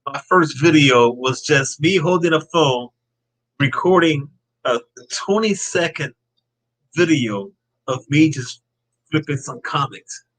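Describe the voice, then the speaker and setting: A man's voice: fairly high pitch, takes it slowly, a bit bright, rough recording. A man hosting a casual live-stream podcast chat, upbeat and reading out viewer comments. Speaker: podcast host.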